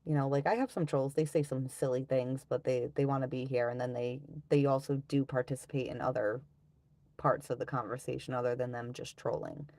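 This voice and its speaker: Middle-aged woman, live streamer, low gravelly voice, sighs and swears while ranting casually. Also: steady tone, fairly quick, warm tone, dry recording. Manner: ranting, swearing, sighing often.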